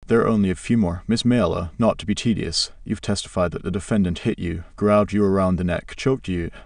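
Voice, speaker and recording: A man reading the part of a calm middle-aged lawyer questioning a witness in an audiobook. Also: sits low, creaky, no room sound, clean studio sound, distant mic. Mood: steady. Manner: measured, persistent questioning.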